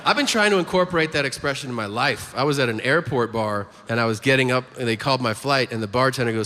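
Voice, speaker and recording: A man's voice: medium pitch, fast, hardly any pauses. Male stand-up comic in a reverberant hall. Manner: animated storytelling with acted-out quotes. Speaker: stand-up comedian. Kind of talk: stand-up set. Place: comedy stage before a live audience. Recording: live hall reverb with crowd noise.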